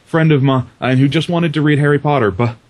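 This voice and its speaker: A man on a comedy chat panel who talks in halting, stammering bursts. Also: a little high, darkish tone.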